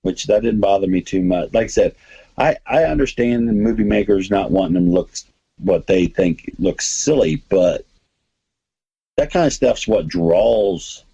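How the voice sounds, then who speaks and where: A man's voice: lowish voice, expressive, unhurried, gravelly, dark tone, breathy edge, lo-fi sound. A man hosting a podcast, chatting casually and rambling enthusiastically about comics and movies. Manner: rambling, enthusiastic, many restarts. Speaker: podcast host.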